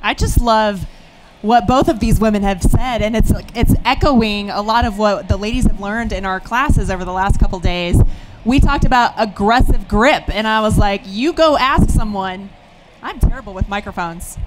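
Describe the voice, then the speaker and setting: A woman instructor speaking on a panel in a chatty, humorous, animated way. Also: medium pitch, normal speed, noisy background. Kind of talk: panel discussion.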